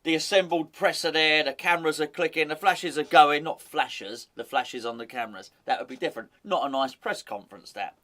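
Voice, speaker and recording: A man's voice: on the high side, fairly quick, few pauses, sharp tone. A man hosting a football fan channel, giving chatty, opinionated commentary with wry asides.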